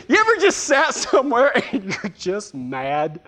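A man's voice: very high-pitched, huge pitch swings, a little slow, bright, forceful tone. A middle-aged man, a preacher telling a folksy, self-mocking story to his listeners. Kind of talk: storytelling sermon.

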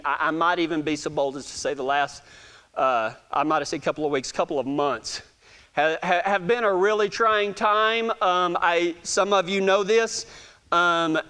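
A man with a noticeably high voice and a Texan drawl, telling stories to a live gathering. He talks in a folksy, self-deprecating way and often trips over his words and starts sentences again. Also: bright, forceful tone, clean tone. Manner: folksy and self-joking, with frequent stammered restarts. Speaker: speaker addressing a gathering. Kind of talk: casual storytelling talk to an audience.

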